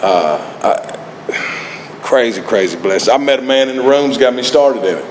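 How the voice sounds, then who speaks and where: A man's voice: mid-range voice, lively intonation, measured pace. A man giving a laid-back recovery talk at a meeting, laughing often as he tells stories. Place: meeting hall. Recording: echoey hall, faint ambient noise.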